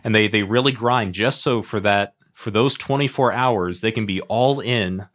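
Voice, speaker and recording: A man's voice: on the low side, normal speed, a bit bright. A young man, a student tour guide, talking eagerly in a casual chat and restarting phrases. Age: young adult.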